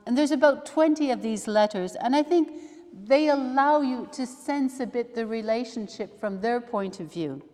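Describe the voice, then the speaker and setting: A woman, a religious sister, leading a study day, talking slowly and thoughtfully with soft asides as she reads aloud. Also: a little high. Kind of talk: reflective teaching talk with readings. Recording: long hall reverb.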